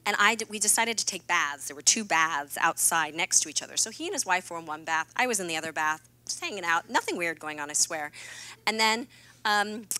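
A woman's voice: on the low side, expressive, a little fast, sharp tone. A woman giving a keynote talk, telling personal stories in an earnest, confiding way with playful asides. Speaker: keynote speaker. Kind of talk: candid personal storytelling talk. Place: stage at a fireside keynote event.

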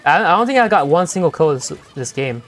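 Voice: medium pitch, very animated, a little fast, a bit bright. A young-adult game streamer chatting playfully with viewers during a live session, laughing often and teasing the chat.

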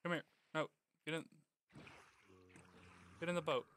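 A young man giving casual gameplay commentary, coaxing and pleading with his in-game pet, then bursting into excited yells. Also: a little high, a little slow, over music. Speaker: gaming YouTuber.

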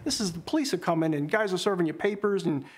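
A man from Maryland telling animated family anecdotes in a documentary interview, often mimicking his father's lines. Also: sits high, fast talker, slightly rough. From Maryland, USA. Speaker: interviewee, son of the subject.

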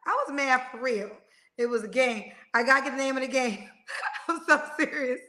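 Woman, livestream host, high pitch, bright tone, blunt and animated. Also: moderate pace. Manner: loud, blunt and animated storytelling. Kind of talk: casual live-stream chat.

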